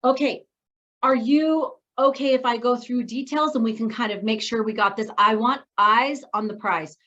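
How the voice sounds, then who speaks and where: A middle-aged woman coaching a women's group, bubbly and excitable, telling stories with lively asides. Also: fairly high pitch, normal speed, highs cut off. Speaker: business coach leading a women's group meeting. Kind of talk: animated meeting talk with storytelling.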